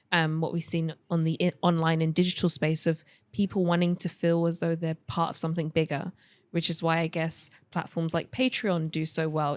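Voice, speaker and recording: A young woman from the UK shares her views in a relaxed podcast chat. Her voice sits a little low and she speaks in a measured, thoughtful way, pausing on fillers. The sound is dry and close. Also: dry recording. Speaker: family podcast guest. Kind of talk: casual discussion.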